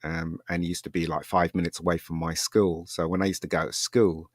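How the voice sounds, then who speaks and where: A man's voice: sits low, flat delivery, brisk, dry recording, studio quality. A man, a podcast guest, chatting casually and telling a rambling personal story with lots of laughter.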